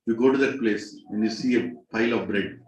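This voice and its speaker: A man's voice: brisk, a little mellow, reverberant, low-quality recording. Dramatic Indian English male teacher. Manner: dramatic, rises sharply in pitch and volume at tense moments. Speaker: spiritual teacher. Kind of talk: storytelling talk to a group.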